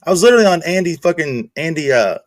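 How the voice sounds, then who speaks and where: A male streamer hosting a casual chat, telling profane, animated stories. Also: fairly high pitch, fast talker. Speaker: streamer host.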